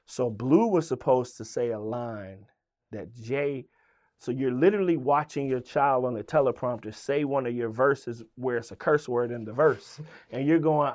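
A rapper from Virginia telling stories in a casual interview, swearing freely and acting out what others said. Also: male voice, mid-range voice, moderate pace, dry recording. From Virginia, USA. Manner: animated storyteller, swearing, acting out quoted voices. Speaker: guest, rapper.

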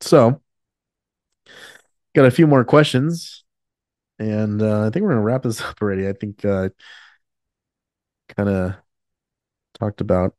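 There are long pauses in this fairly low-pitched, measured, slightly mellow voice, captured at studio quality with no room sound. The man, a podcast host in his late twenties, is choked up, talking candidly and casually in a rambling way with many fillers and restarts.

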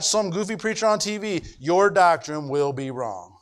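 Here the middle-aged male pastor has a high voice and talks briskly, barely pausing at all. His preaching is emphatic and repetitive, and he keeps asking the congregation if they follow.

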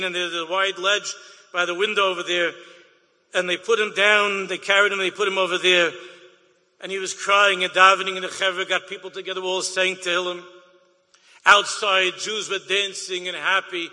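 A man telling an inspirational story with animated, sing-song emphasis and repeated phrases. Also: high voice. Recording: long hall reverb.

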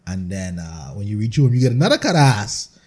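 Husky Bahamian man telling blunt stories. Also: lowish voice, sing-song, fairly quick, darkish tone. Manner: blunt, profane storytelling. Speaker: podcast guest. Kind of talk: casual podcast banter.

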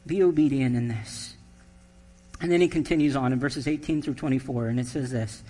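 A man's voice: medium pitch, a little fast, warm tone, long reverb tail. A man preaching a sermon as pastor, conversational and humorous, reading scripture and telling stories.

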